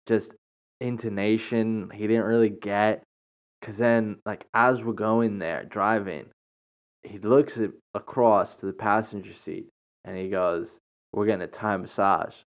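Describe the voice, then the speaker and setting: Low-ish voiced guy rambling thru a story on his podcast, lots of ums and little laughs. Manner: rambling, with frequent fillers, restarts and chuckles. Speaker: podcast host. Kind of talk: casual storytelling monologue. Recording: dull lo-fi recording.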